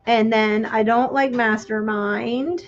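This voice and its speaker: Slow-talking chatty woman, lo-fi stream. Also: fairly high pitch, fairly even intonation, a little hiss or hum. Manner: chatty and reminiscing, trails off while working. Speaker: crafting livestream host. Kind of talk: casual chat while crafting. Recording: dull lo-fi stream audio.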